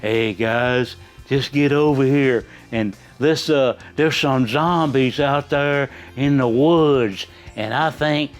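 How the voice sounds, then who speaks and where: A man's voice: medium pitch, slow pace, hardly any pauses, faint music behind, close to an everyday voice. A man putting on the voice of a laid-back male zombie hunter from a video game, drawling and easygoing.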